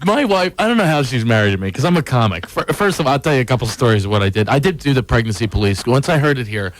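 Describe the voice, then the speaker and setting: A middle-aged man from Philadelphia, a comedian guest on a radio talk show, telling stories in an animated way. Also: racing, dry recording, low-quality recording. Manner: animated storyteller, jumps into high voices for quotes.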